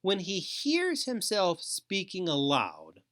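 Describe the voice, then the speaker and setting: A man giving a recorded lecture as a foster care educator, speaking deliberately and repeating key phrases. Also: high-pitched, huge pitch swings, fairly bright tone.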